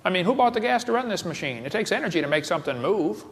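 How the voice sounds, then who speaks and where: This creationist speaker talks very fast with few pauses in a high-pitched, sing-song voice. Addressing a live audience in a large hall, he wisecracks and tosses quiz questions with asides, and the recording has long reverb and faint hiss.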